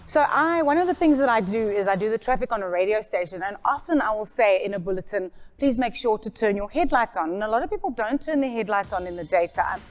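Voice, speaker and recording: A woman's voice: medium pitch, expressive, fast talker, few pauses. Woman radio presenter, bubbly and jokey, light music bed. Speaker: co-presenter, radio traffic reporter. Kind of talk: casual promotional chat.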